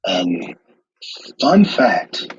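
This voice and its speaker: A man's voice: sits low, sing-song, very slow, husky, lo-fi sound. A man co-hosting a podcast, chatting in a playful, mock-serious way. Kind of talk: casual live-stream chat.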